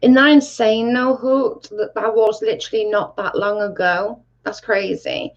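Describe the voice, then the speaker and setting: A woman's voice: fairly high pitch, steady tone, a little slow. A woman hosting a casual livestream and reading chat. She talks bluntly, swears freely and says "like" a lot. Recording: dull lo-fi sound.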